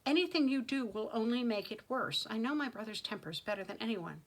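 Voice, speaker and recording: A woman's voice: fairly high pitch, expressive, brisk. A woman reading an audiobook voices an anxious, tearful aunt who pleads in raised cries. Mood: pleading.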